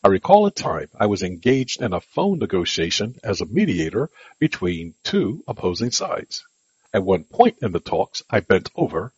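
Husky man reading negotiation lessons. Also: on the low side, very animated, no echo. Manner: measured, advisory delivery of headed sections. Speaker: negotiation instructor. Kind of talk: scripted instructional narration. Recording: dull lo-fi dry recording.

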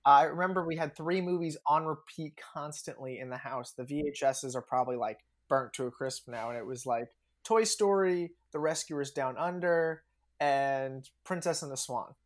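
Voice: medium pitch, moderate pace. A young adult guest talking in a casual interview, chatty with lots of fillers and frequent laughs.

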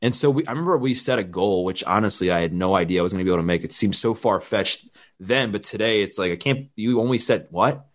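A man's voice: on the low side, animated, fast. A man in his thirties, a fitness trainer, candidly telling his life story in a plain-spoken way and acting out the dialogue he quotes.

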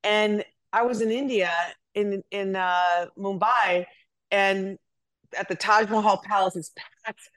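A woman guest in casual chat, telling stories in a chatty, animated way with frequent restarts. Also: medium pitch, slow.

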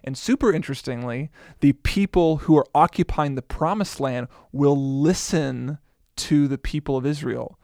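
A man's voice: fairly high pitch, normal speed, gravelly, darkish tone, no room sound, studio quality. A man co-hosting a casual Bible discussion, reading verses aloud and commenting on them. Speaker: Bible study co-host.

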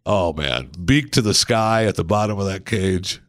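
A man's voice: low voice, animated, moderate pace, dry recording, clean studio sound. A man hosting a podcast, telling rambling, self-mocking anecdotes in a casual way. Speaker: podcast host. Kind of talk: casual storytelling.

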